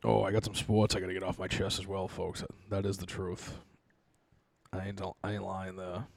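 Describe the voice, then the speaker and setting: A man's voice: sits low, flat delivery, moderate pace, vocal fry, no room sound. A young man hosting a podcast, chatting casually and rambling through a funny story, laughing often and swearing a lot into a close microphone. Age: young adult. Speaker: podcast host. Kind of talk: casual chat. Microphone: close podcast mic.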